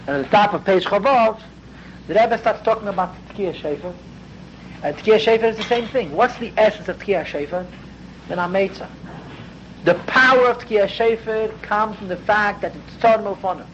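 A man's voice: high voice, fairly bright tone. A man teaching a Hasidic text class, explaining earnestly and growing more intense as he goes. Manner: earnest, explanatory, dense with Hebrew and Yiddish terms; grows intense and raised toward the end. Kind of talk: spoken study lecture. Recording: dull lo-fi with faint background noise.

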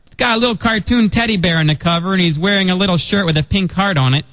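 A man hosting a radio morning show, making a prank call and reading joke greeting cards aloud in a deadpan, singsong way. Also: sits high, fast.

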